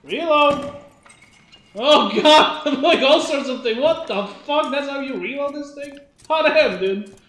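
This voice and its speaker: A streamer in loud, excitable live gameplay chat, laughing and swearing often. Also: high voice, measured pace, echoey room.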